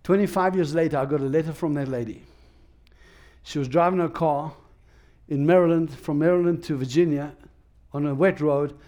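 A man's voice: on the high side, normal speed, mellow. A man preaching a sermon in an emphatic, repetitive way, often restarting his phrases.

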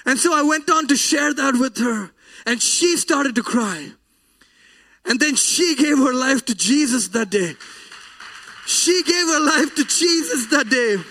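This preacher's sermon comes in a strikingly high voice that sounds pushed and bright. His voice often breaks with emotion as he earnestly ties a personal story into the message.

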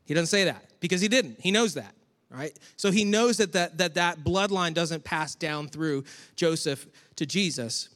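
A man from Western New York preaching a conversational sermon, with chatty, animated asides to the congregation. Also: a little high, moderate pace. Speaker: pastor. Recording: long hall reverb.

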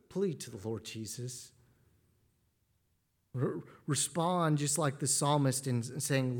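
Male pastor, mid-pitched, earnest sermon delivery with restarts. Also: a little slow, darkish tone. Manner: earnest, repeats words when starting phrases.

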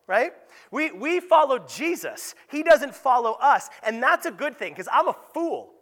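A male pastor delivering a conversational sermon, often tagging his points with "right?" and acting out little voices and beeping sounds. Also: normal speed. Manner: lively, conversational preaching with frequent "right?" asides; acts out voices and sound effects with a raised pitch.

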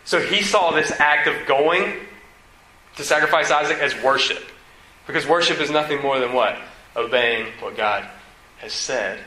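A man preaching an expository sermon, reading scripture aloud and pausing to pose animated questions. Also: on the high side, echoey room, slight background noise, low-quality recording. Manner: animated, questioning, reads aloud then comments.

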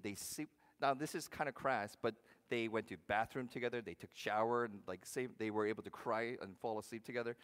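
Man preaching in a reverberant hall. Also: mid-range voice. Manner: conversational preaching, asks the congregation questions, swings from loud to hushed. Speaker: pastor. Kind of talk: sermon.

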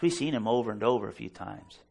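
Gravelly-voiced fervent male preacher. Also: medium pitch, fast, a little mellow. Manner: fervent, emphatic preaching with personal storytelling. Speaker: pastor. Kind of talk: sermon.

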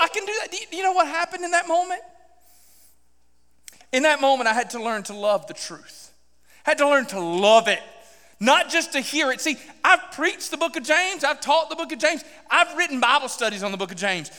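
A man, a pastor preaching a sermon and telling a story animatedly, acting out dialogue with sudden loud bursts. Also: very high voice, big-room sound.

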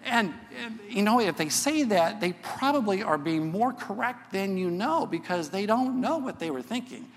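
A man's voice: high-pitched, lively intonation, moderate pace, few pauses. Middle-aged man preaching in a reverberant hall. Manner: conversational, earnest, tags points with "okay?". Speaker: church teacher. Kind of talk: sermon.

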